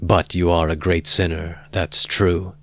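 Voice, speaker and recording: A man voicing a feverish, brooding young man who speaks slowly and intensely, in an audiobook reading. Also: deep voice, flat delivery. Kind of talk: audiobook character voice.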